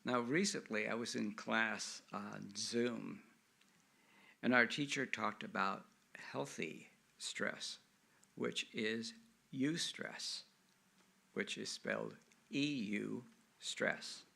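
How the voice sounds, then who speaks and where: A man, a minister, speaking gently and steadily in short phrases during a Sunday prayer and sermon in a church sanctuary. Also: lowish voice, fairly even intonation, gravelly. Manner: slow, gentle, measured delivery with short phrases.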